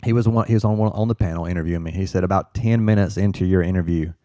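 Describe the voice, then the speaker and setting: A man recounts a personal story in casual conversation, earnest and halting, often restarting his sentences. His voice sits on the low side, and the recording is dry with almost no room sound. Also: dark tone, dry recording. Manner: earnest, halting with restarts, quotes others in dialogue. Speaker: firefighter guest.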